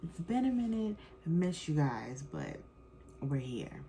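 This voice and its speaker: A woman's voice: deep voice, big pitch swings, a little slow, warm tone, a little hiss or hum, poor audio. A woman in her thirties hosting her own podcast, talking casually with lots of fillers and slang. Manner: chatty and loose, frequent fillers and slang. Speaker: podcast host. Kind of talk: casual chat.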